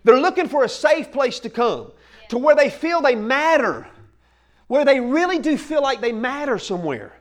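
A man preaching an energetic sermon, full of folksy asides and sudden shouted bursts. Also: extremely high pitch, normal speed. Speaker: pastor.

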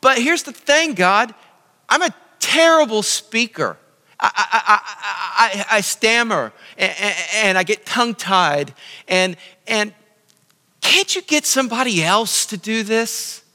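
Man putting on a high, stammering, frightened Moses. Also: expressive, measured pace, bright, forceful tone, big-room sound, exaggerated voice. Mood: pleading. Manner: stammering, tongue-tied and pleading. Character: frightened, protesting adult man pleading with God.

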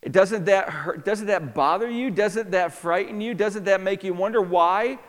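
A man's voice: high-pitched, moderate pace, in a large hall. A man preaching a sermon, asking the listeners question after question as he explains the land and its people. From New York. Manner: animated preacher, asks the crowd many questions. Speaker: pastor.

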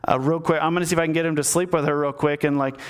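A man's voice: a little high, fairly even intonation, racing, clean tone, lightly acted. A man voicing a panicked, guilty king who makes awkward small talk as he tries to cover up a mistake.

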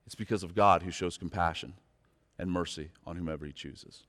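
A man preaching a sermon as pastor, turning from quiet, slow reflection to loud, fervent pleading with his listeners. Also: deep voice, steady tone. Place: church sanctuary. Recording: long hall reverb.

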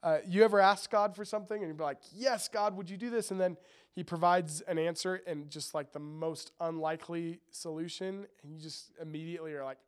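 A man preaching in a relaxed, chatty way, reading scripture aloud and breaking off for joking asides to his listeners. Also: fairly high pitch, brisk, smooth. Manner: chatty, jokey asides to the audience. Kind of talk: casual sermon with scripture reading.

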